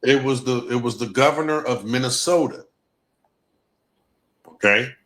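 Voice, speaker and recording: A man's voice: mid-range voice, unhurried, fairly bright tone. A man giving an emphatic livestream talk, repeating key points with a Black lilt. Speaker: guest presenter.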